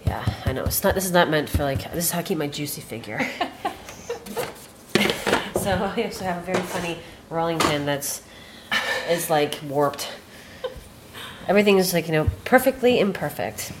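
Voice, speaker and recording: A woman chef telling stories casually while cooking in a kitchen, animated and swearing freely. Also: deep voice, moderate pace, long pauses, heavy background noise. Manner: animated, profane, chatty. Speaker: chef, guest.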